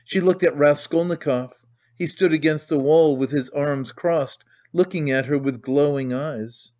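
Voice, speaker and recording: A man narrating a classic novel as an audiobook in a measured, dramatic reading. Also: on the high side, a little mellow. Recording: dull lo-fi recording.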